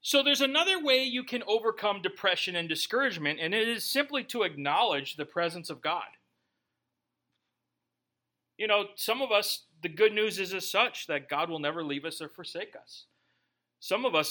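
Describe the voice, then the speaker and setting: A man's voice: sits high, expressive, moderate pace, pushed and bright. A man preaching a sermon in a conversational way, with joking asides. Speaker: pastor.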